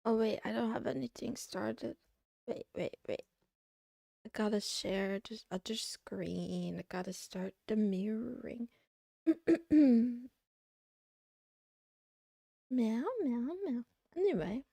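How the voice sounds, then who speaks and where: Slow, gravelly-voiced woman streamer. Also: medium pitch, no room sound, studio quality. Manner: rambling and excitable, meowing between remarks. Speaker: livestreamer. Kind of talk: casual chat to a live audience.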